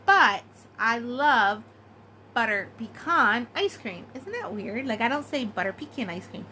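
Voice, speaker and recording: Giggly woman rambling through a tag video, bright voice, faint hiss behind. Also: on the high side, big pitch swings, unhurried, rough recording. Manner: chatty, giggly, many "like"s. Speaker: craft vlogger. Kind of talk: casual chat answering a tag.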